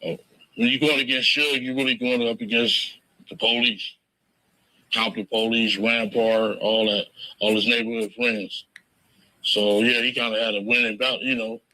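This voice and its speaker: A man's voice: medium pitch, flat delivery, normal speed, pushed and bright, low-quality recording. A man interviewed in a recording, telling stories casually in profane, slangy language. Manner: laid-back, profane, slangy. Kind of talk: casual storytelling.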